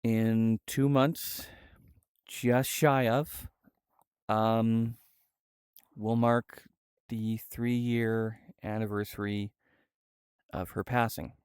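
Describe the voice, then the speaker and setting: Streamer, young man, low clear voice, slow and halting, soft-spoken, dry close sound. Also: level tone, dry recording. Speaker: livestreamer. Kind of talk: casual livestream chat. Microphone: VR headset setup.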